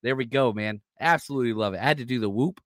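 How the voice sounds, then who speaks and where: Energetic man hosting a live sports podcast. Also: mid-range voice, fast talker, no room sound, studio quality. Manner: energetic, loose, reads chat comments aloud. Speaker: podcast host.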